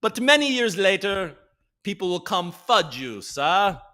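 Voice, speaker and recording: A man's voice: high voice, very animated, measured pace, pushed and bright, voice pushed up, exaggerated voice. A man voicing a pompous mock-aristocratic crypto lord, in a clumsy put-on British accent and a grandiose, theatrical manner.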